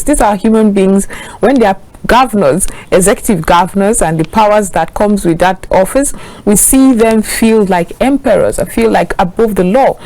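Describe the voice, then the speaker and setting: A woman's voice: mid-range voice, warm tone, no room sound, low-quality recording. A woman with a Nigerian accent anchoring a news show, giving earnest, questioning commentary with frequent fillers.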